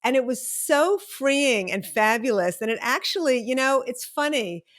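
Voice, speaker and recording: A woman's voice: high voice, expressive, normal speed. A woman hosting an interview, enthusiastic and emphatic, laughing easily as she chats. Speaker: podcast host. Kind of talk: casual interview chat.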